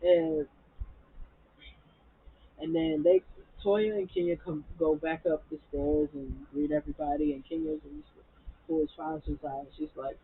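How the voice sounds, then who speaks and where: A woman with a very raspy, husky voice recaps a reality show, animated and full of profanity. The audio is tinny and narrow, like a phone call. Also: sits low, unhurried. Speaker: TV recap vlogger.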